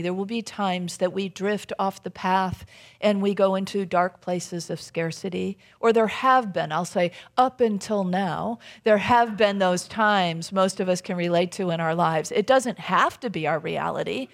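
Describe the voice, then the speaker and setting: A woman's voice: fairly low pitch, a little slow. A woman minister giving a sermon in a conversational, storytelling way, often checking in with the congregation with little tag questions.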